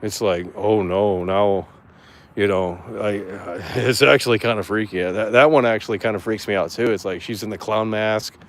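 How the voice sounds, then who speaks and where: A man streaming live, chatting casually and reacting to chat in an excitable, profane way with frequent stammered restarts. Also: fairly low pitch, fairly quick, few pauses. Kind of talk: casual livestream commentary reading chat.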